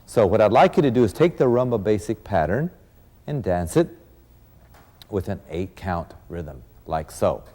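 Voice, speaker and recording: A man's voice: lowish voice, big pitch swings, moderate pace, warm tone, in a large hall. A man teaching a dance lesson as an instructor, counting beats aloud and encouraging his students. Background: rumba music.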